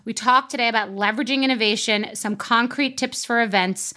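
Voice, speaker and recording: A woman hosting a podcast, telling a story casually with a bright, clear tone that sits a little high. She jokes and mocks herself with lively energy. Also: fairly quick. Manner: animated, joking, self-mocking. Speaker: podcast host.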